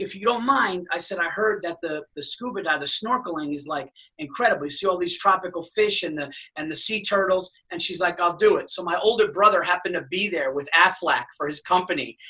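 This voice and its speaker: Profane, animated man telling a story. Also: sits high, recorded from a distance, rough recording. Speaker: podcast guest. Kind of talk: storytelling in casual chat.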